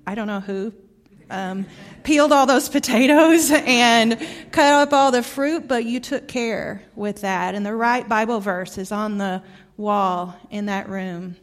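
Her Southern accent marks her as from Arkansas: a middle-aged woman serving as guest preacher, giving a heartfelt sermon built on stories inside a church sanctuary. Pitched at a medium level, her voice regularly softens to a hush.

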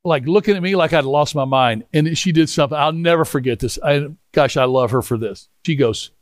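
A middle-aged man preaching a storytelling sermon, animated and rambling with frequent restarts, moving into prayer. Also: a little high, a little fast, no room sound, studio quality. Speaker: pastor.

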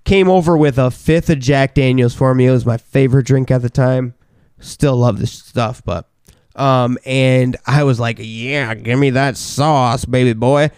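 A young man co-hosting a podcast, telling crude party stories in casual chat and loudly acting out what people said. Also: mid-range voice, fairly even intonation, moderate pace, smooth, no room sound, clean studio sound. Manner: crude, rowdy storyteller who acts out quotes loudly. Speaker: podcast co-host.

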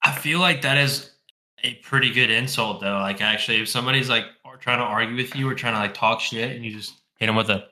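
Bright-voiced joking young man. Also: mid-range voice, quick pace. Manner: joking, swears freely, laughs along. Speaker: podcast co-host. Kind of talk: casual chat.

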